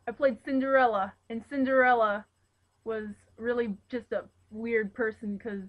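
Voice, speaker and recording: A woman's voice: fairly high pitch, steady tone, normal speed. A young woman chatting casually, a bit shy and giggly as she tells a story. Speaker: vlogger's cousin. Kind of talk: casual chat. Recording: dull lo-fi webcam audio.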